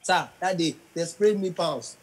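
A young comedian chats with animated energy, jumping between his own voice and the characters in his story. He breaks into sung lines and talks over faint background hiss. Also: on the high side, a little slow, poor audio. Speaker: comedian guest.

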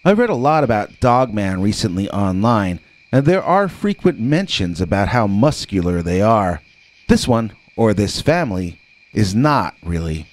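Man narrating a scary story, lively pitch. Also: a little slow.

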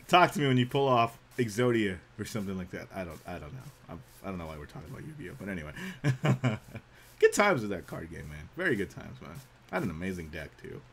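A young man live-streaming a game, chatting casually, saying "man" often and breaking into loud yelps. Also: sits low, very animated, fast talker, vocal fry, slightly rough. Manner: laid-back, says "man" a lot, bursts into loud yelps.

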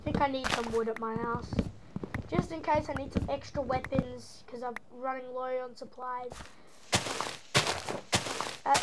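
Over a very noisy recording, a high-pitched Australian woman puts on an American accent as she hosts gameplay commentary for her gaming channel. She rambles playfully and throws in silly noises.

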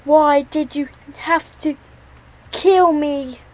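A woman's voice: sits high, steady tone, very slow, poor audio. A woman giving jittery, talk-to-herself commentary as she plays a game. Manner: jittery, talks to herself while playing. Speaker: gaming channel host. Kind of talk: let's play commentary.

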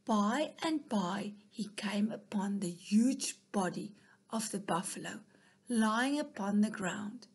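A woman reading a children's story aloud, softly and at times almost in a whisper. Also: medium pitch, lively intonation, takes it slowly, husky. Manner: soft, dropping to a whisper at times.

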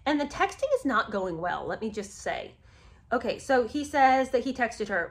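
Female commentator, higher voice, very lively pitch, sarcastic and indignant. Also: normal speed. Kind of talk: casual commentary on a book.

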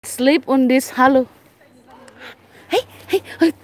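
High-pitched woman gushing over animals on a phone livestream, slow talker, noisy outdoor phone audio. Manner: gushing, effusive, exclamatory. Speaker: wildlife vlogger. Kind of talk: excited live-stream chat. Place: outdoors at a wildlife sanctuary.

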